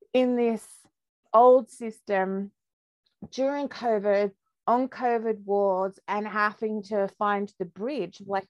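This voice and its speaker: A woman, a podcast guest, telling her story in a candid, lively way and laughing often. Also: mid-range voice, dry recording. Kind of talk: casual storytelling interview.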